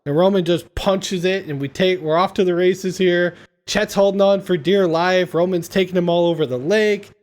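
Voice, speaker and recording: A man's voice: high-pitched, steady tone, normal speed, darkish tone. A man hosting a podcast, casually retelling film scenes with enthusiasm. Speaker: podcast host. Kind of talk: casual film-recap chat.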